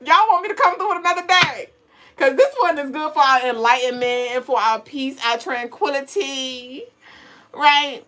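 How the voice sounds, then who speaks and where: Woman host, fairly high voice, playful and slangy, laughs loud, casual livestream tarot reading. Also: normal speed. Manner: playful, slangy, laughs loudly and often, reads chat aloud.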